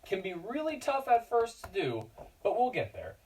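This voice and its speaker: A man guides a children's yoga class, his voice sitting high with huge pitch swings, a darkish tone, and a moderate pace. The low-quality recording has a distant mic and slight background noise. He gives cues encouragingly and playfully, chatting to his dog between poses.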